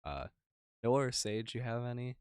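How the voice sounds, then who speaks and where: A man's voice: mid-range voice, animated, moderate pace, darkish tone, clean tone, no room sound. A young man co-hosting a podcast in casual chat, rambling and crude, with lots of "like". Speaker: podcast co-host.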